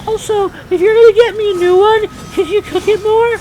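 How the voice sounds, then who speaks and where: A man voicing a fussy, demanding woman customer in a shrill, whiny falsetto. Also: fairly even intonation, a little fast, darkish tone, a little hiss or hum, rough recording.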